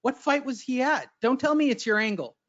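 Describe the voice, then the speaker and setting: A man with a high voice talks boxing in loose, profane banter, brash and needling. The audio sounds dull and lo-fi. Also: expressive, a little fast, a bit bright. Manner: brash and crude, needling his co-host. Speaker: boxing podcast co-host. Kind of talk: casual chat.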